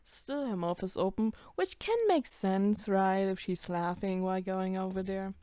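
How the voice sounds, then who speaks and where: A woman's voice: mid-range voice, measured pace, noisy background. A young woman casually reacting to her own old videos, swearing, laughing and putting on voices for the characters.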